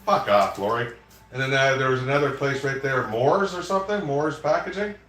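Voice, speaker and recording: A man's voice: medium pitch, a little fast, fairly bright tone. Rambling man, far and echoey. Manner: rambling, swears freely, storytelling. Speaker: livestream host. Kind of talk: casual chat. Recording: echoey room, far from mic, faint noise.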